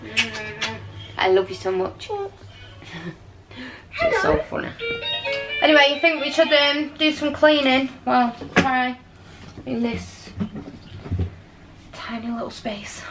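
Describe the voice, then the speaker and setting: A woman's voice: high-pitched, lively intonation, slow, pauses often, over music. A woman, a mother, talking in coaxing, giggly baby talk to her toddler in a small playroom crowded with toys. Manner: sing-song, coaxing, giggly.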